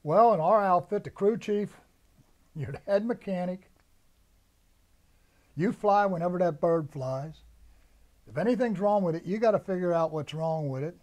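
A man's voice: high voice, normal speed, long pauses, darkish tone. Older man telling war stories. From United States. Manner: storytelling, acts out the sergeants' orders. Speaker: veteran interviewee. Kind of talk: oral history recollection.

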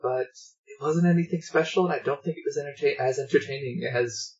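A man's voice: a little high, a little fast, a little mellow, dull audio. A man co-hosting a podcast in casual chat, with dry, laid-back banter. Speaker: podcast co-host.

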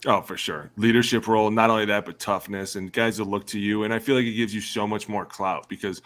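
Animated low-voiced man telling stories. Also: brisk. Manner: animated storyteller, acts out quotes. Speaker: former NFL player, guest. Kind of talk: casual podcast chat.

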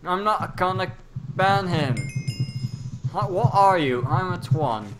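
A playful, jokey man talks through a game in English, getting excitable whenever things heat up. His voice sits a little high for a man. Clear background noise runs under the recording. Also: takes it slowly. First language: Dutch. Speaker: gamer. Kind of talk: casual gameplay chat.

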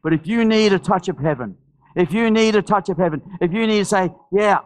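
A man's voice: a little fast, poor audio. A male pastor from Australia delivering an impassioned sermon and altar call, repeating phrases and restarting sentences as he presses the point. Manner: impassioned, repetitive preaching with many restarts; drops to soft, low storytelling voice for anecdotes.

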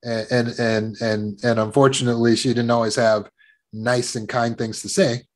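A man of middle pitch speaks as a trauma recovery coach, moving from a personal childhood story into self-help advice. He talks in a warm storytelling way, often repeating words and breaking into laughs. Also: flat delivery, moderate pace.

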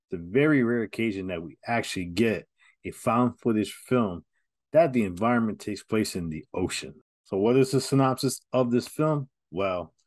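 A man's voice: medium pitch, darkish tone, no room sound. A man hosting a casual film review, talking candidly and directly to his viewers.

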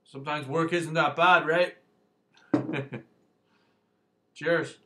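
Rambling man with a bright voice. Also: on the high side, steady tone, very slow. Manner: rambling, folksy, lots of fillers and "eh". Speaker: beer reviewer. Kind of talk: casual video review.

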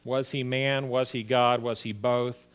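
A man's voice: medium pitch, little pitch movement, measured pace, clear, resonant tone. A man, a pastor, teaching a church history class in a conversational lecture style, often checking in with his listeners. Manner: conversational, checks in with "right?" and "okay?".

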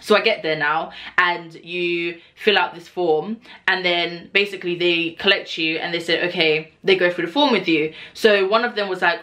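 Woman in her twenties, low-pitched with a bright, forceful tone, animated casual storyteller who swears freely. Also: a little fast, hardly any pauses. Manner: animated, swearing, acts out dialogue. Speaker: vlogger, cabin crew member.

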